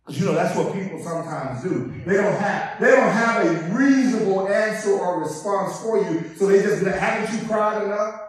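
High-voiced preacher in an echoey hall. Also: male voice, far from the mic, a little hiss or hum. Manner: swells from soft to shouting, drawn-out emphasis. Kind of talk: call-and-response sermon. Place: church sanctuary.

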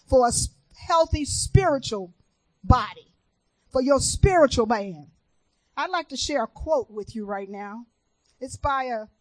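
A woman minister from Chicago preaching a sermon in an earnest, testifying way, moving between hushed and emphatic. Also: high voice, no room sound, rough recording.

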